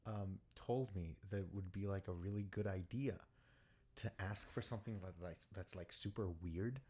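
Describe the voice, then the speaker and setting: A man's voice: deep voice, moderate pace, darkish tone, breathy edge. A man co-hosting a podcast, chatting casually, laughing often and filling with "like". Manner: laughs a lot, heavy use of "like". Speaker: podcast co-host. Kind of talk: casual chat. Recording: noisy background hiss.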